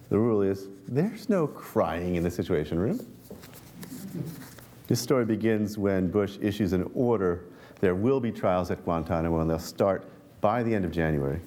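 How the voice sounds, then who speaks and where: A man with a deep, low voice reads from his own book to an audience, with dry, wry asides between passages. His tone is mellow and dark. When questions come, he speaks in halting restarts. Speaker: author and reporter giving a book talk. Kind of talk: reading aloud from his book, then answering questions.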